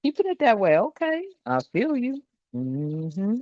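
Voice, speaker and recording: A woman's voice: mid-range voice, wildly swooping pitch, measured pace, a little mellow, no room sound, dull audio. A woman giving a casual spiritual card reading, blunt and profane, laughing often as she talks.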